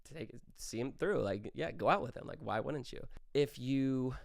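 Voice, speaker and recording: A young man hosting a casual solo podcast, talking animatedly and acting out quick quoted exchanges. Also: mid-range voice, gravelly, dry recording, clean studio sound. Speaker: podcast host.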